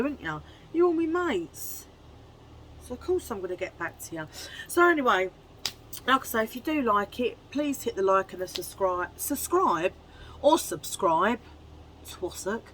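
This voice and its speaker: A chatty woman talks straight to the camera at home, friendly and full of asides. Her voice sits at an ordinary middle pitch, and there is a faint hum in the background. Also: fairly bright tone, poor audio. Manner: chatty and chummy, with quick asides. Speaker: haul vlogger. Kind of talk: casual chat to camera.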